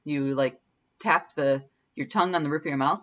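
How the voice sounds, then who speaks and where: A woman's voice: low voice, a bit bright. Patient woman teaching Spanish pronunciation. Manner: patient, repeats words slowly to demonstrate. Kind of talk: language lesson.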